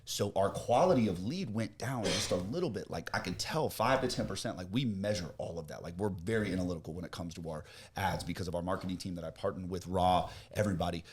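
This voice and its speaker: A young man from Florida talking on a podcast, brash and boastful, swearing a lot and swinging from loud bragging to quiet worry. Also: low voice, quick pace, hardly any pauses. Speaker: podcast host, business owner. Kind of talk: casual chat.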